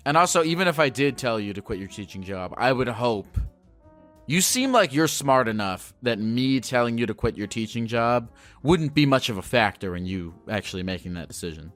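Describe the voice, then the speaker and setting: A man's voice: mid-range voice, big pitch swings, normal speed, fairly bright tone, faint music behind. A man hosting a casual call-in show, asking earnest, playful questions. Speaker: host.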